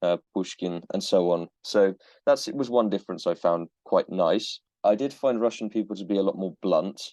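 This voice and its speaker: A man's voice: sits low, normal speed, no room sound. Man, dry close sound, thoughtful, restarts a lot. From Cornwall, England. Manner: thoughtful, with frequent restarts and soft laughs. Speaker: tutor, interview guest. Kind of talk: casual interview answers.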